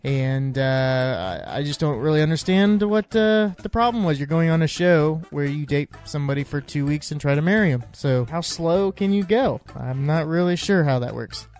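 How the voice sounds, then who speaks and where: A man chats casually in a fairly high voice, rambling and joking his way through a recap. He keeps restarting his sentences and filling gaps with "uh". Faint music plays underneath. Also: animated, normal speed, hardly any pauses, darkish tone, smooth. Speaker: podcast host.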